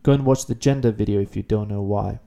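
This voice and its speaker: Man, language teacher, very dark mellow tone, patient explaining style for a beginner video lesson. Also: on the low side, gravelly. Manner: explanatory, repeats key words slowly.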